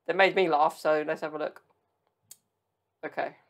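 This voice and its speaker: A man's voice: on the high side, fairly even intonation, normal speed, fairly bright tone. A man casually commenting on funny clips in an amused, chatty way. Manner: laid-back, amused, chatty asides. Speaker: video reaction host.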